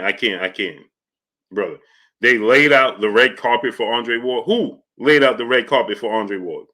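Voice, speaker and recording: Emphatic, bright-voiced male stream host. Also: lowish voice. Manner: emphatic, repeats himself, greets viewers. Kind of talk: casual live stream talk.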